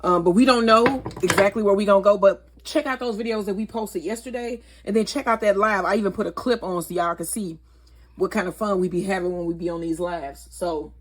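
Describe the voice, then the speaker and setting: A woman's voice: medium pitch, a little fast. A woman hosting a casual cooking vlog in her home kitchen, chatty and correcting herself as she goes. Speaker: cooking channel host.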